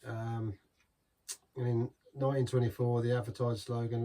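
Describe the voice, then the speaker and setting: A man's voice: medium pitch, flat delivery, normal speed, warm tone, distant mic. An English man hosting a casual beer review, rambling and waffling with chuckling asides. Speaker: beer reviewer, channel host.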